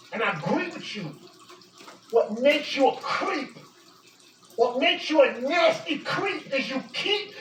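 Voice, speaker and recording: Woman, high voice, furious accusatory rant, echoey room, distant mic. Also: slight background noise. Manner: heated, accusing, repeats insults, sometimes shouts. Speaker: vlogger addressing a public figure. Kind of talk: angry direct-to-camera rant.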